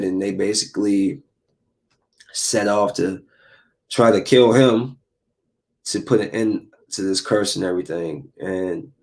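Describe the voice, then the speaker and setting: A man hosting his own podcast, talking casually in a loose, rambling way. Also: fairly low pitch. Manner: rambling, animated storytelling; earnest motivational speech. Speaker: podcast host. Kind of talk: casual solo podcast talk.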